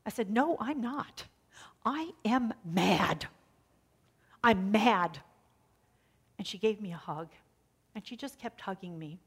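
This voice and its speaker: Woman pastor telling a story in a sermon. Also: medium pitch. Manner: conversational storytelling, drops to a hush on key lines.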